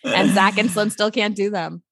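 Bright, giggly woman podcast co-host. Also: medium pitch, moderate pace, dry recording. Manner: giggly, excitable, with many "like" fillers. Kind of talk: casual chat.

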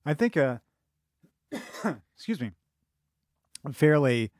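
A man's voice: a little high, sing-song, no room sound, studio quality. Rambling man chatting about films. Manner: rambling, halting restarts. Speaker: podcast co-host. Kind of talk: casual film discussion.

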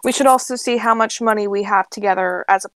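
A woman's voice: mid-range voice, fast talker, fairly bright tone, no echo. A woman playing a tabletop game, planning aloud in a practical way with frequent "um"s. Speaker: player. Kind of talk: casual chat in a tabletop game.

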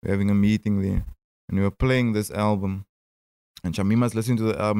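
A man's voice: lowish voice, steady tone, creaky, a little mellow, clear, resonant tone, dry recording, studio quality. A man in his thirties with a Cape Town South African accent, a rapper telling stories in a casual interview, often stammering and restarting. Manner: stammering restarts, quick asides and laughs. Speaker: rapper and guest.

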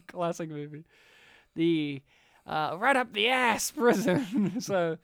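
Joking, swearing podcast co-host. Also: male voice, sits high, takes it slowly, creaky, a bit bright, no room sound, clean studio sound. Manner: joking, swears freely, mock voices. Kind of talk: casual banter.

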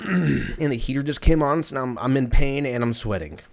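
Hosting a podcast solo, a man delivers a casual comedic monologue, a rambling, profane and self-mocking story, while in pain from a stubbed toe. His medium-pitched voice is gravelly and animated, at a normal speed.

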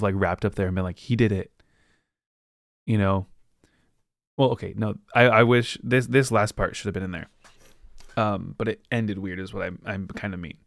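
Male podcast host, low voice, dry close sound, loose rambling book chat. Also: dry recording. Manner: rambling, acts out characters with quick voices. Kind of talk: casual book recap monologue.

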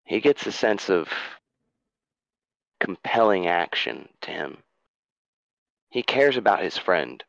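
Slow, low-voiced male game master. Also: gravelly, fairly bright tone, no echo, lo-fi sound. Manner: slow, dramatic narration. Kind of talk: narrating a tabletop game.

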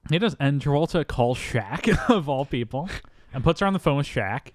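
A man's voice: a little high, animated, moderate pace, no echo. A young man co-hosting a podcast, retelling a film scene by scene in a loose, rambling way full of fillers. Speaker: podcast co-host. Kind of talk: casual movie recap chat.

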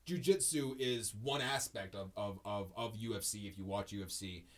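A man hosting a podcast in casual chat, talking haltingly with lots of fillers and restarts. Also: lowish voice. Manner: halting, heavy on fillers and restarts, laughs easily. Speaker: podcast host.

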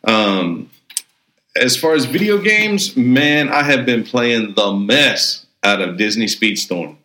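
A man's voice: mid-range voice, animated, slow pace, bright, forceful tone. A man, a pastor co-hosting a podcast, chatting casually in an upbeat, rambling way with many restarts. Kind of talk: casual chat. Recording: roomy echo.

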